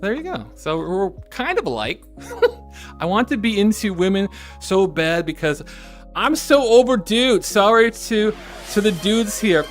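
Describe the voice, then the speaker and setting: A woman's voice: medium pitch, very animated, unhurried, soft background music. A woman streamer chatting casually on a live stream, reading chat messages aloud with frequent giggles and self-correcting asides. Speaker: VTuber streamer.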